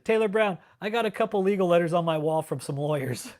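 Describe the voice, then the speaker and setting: A man's voice: high voice, fast, a little mellow. A man hosting a livestream, talking in a brash, profane, casual rant and laughing often. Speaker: livestream host.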